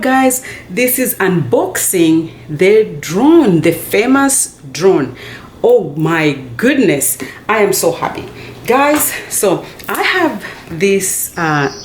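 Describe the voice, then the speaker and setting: A woman with an American accent filming a casual unboxing vlog, gushing with excitement, calling her viewers "guys" and dropping to soft near-whispers as she handles the box. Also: medium pitch, reverberant, a little hiss or hum. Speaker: unboxing vlogger.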